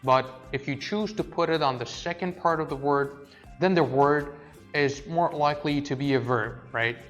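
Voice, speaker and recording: Man teaching pronunciation, careful and clear. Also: on the high side, normal speed, fairly bright tone, highs cut off, soft background music. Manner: explains carefully, stressing syllables, often checks with "right?". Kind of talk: scripted online lesson.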